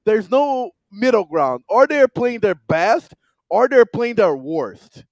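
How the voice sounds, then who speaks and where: A man's voice: sits high, no room sound, highs cut off. A man with a Brazilian Portuguese accent, not a native English speaker, co-hosting a casual sports podcast with lots of fillers and restarts. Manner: animated, halting with many fillers. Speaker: podcast co-host.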